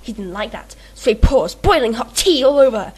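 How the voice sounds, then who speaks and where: A woman voicing a menacing young male villain telling a dark story in a loud, mocking, theatrical way. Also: a little high, animated, fairly quick, breathy edge, rough recording.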